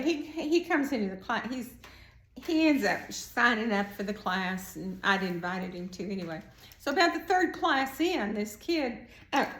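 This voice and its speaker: A middle-aged woman telling a personal story as a prison art teacher, animated, raising her voice when she acts out what people said. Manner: animated, acts out quotes with raised pitch. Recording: echoey room.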